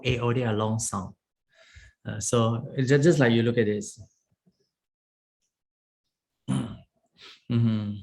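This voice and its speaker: With a darkish tone and medium pitch, this man leads beginners through Pali as a monk, working sound by sound. He keeps asking "okay?" and chuckles frequently while explaining.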